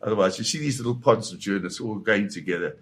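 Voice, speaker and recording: An older man with a fairly low voice tells a tense story from his days as a war photographer. He speaks with vivid, halting restarts as a guest in an interview.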